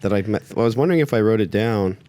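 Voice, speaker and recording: Laid-back man with a lowish voice. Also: expressive, rapid-fire, warm tone. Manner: laid-back, mostly short agreeing replies. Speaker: podcast co-host. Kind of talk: casual chat.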